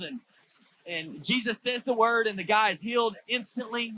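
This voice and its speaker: Male pastor, sermon, high pitched voice, casual storytelling, church. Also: moderate pace, bright, forceful tone, low-quality recording. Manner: casual storytelling with many fillers.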